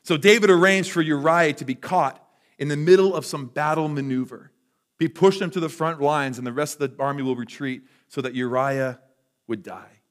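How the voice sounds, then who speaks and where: Slightly high-voiced man preaching a sermon. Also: moderate pace. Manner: conversational storytelling with frequent restarts. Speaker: pastor.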